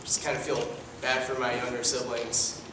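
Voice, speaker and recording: A man's voice: mid-range voice, level tone, moderate pace, noisy background, close to an everyday voice. A man playing a sly, lazy adopted son, talking in a dry, offhand way in an improv comedy scene. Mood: smug. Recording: echoey room from far off, live stage.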